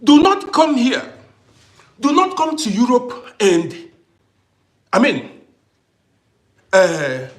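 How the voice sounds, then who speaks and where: Male livestream host, middle-aged, high-pitched and expressive, hammering points home through repetition. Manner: emphatic, repeats phrases for effect. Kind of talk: impassioned livestream monologue.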